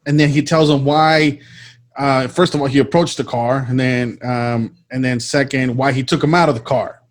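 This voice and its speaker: Guy cohosting a talk show, lots of ums, kinda halting, average pitch. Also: steady tone. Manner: hesitant, many ums and restarts. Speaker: podcast co-host. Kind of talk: casual commentary over a screen share.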